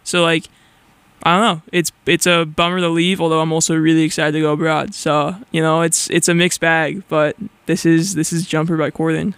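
A man's voice: fairly high pitch, flat delivery, moderate pace, fairly bright tone. A young man hosting college radio, chatting casually and rambling with lots of filler words, a bit nervous. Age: young adult. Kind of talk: casual on-air chat.

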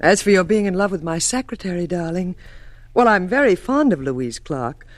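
An actress playing a successful fashion designer wife in a 1940s radio drama, soothing and gentle. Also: female voice, on the low side, animated, normal speed, no room sound, close to an everyday voice. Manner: gentle, soothing, then frantic.

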